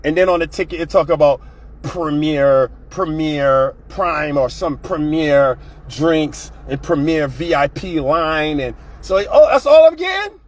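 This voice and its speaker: A man's voice: fairly high pitch, lively intonation, a little slow. A man hosting his own show, ranting bluntly and profanely in a casual, fired-up monologue. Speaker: show host.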